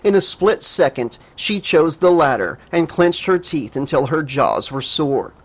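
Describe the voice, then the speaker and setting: A man narrating a horror audiobook dramatically, raising his pitch for a frightened girl's lines. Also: lively intonation, a little slow, few pauses. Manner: emotive reading, voices the girl in a higher pitch.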